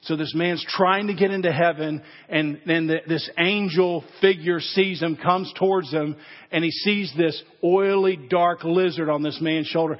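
An earnest male pastor preaching to his congregation, pressing them with direct, searching questions. His voice sits a little high for a man and carries a long church reverb, with a dull, muffled recording. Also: fairly even intonation, measured pace. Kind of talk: sermon.

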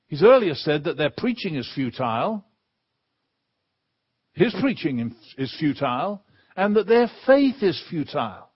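An Englishman preaching a sermon from the pulpit as a guest speaker, leaning hard and slowly on the key words. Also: high-pitched, breathy edge, highs cut off. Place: church pulpit.

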